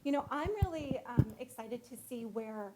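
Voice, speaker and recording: A woman's voice: on the high side, moderate pace, very noisy. A woman school guidance counselor presenting at a board meeting, emotional and close to tears. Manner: emotional, gets choked up. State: teary.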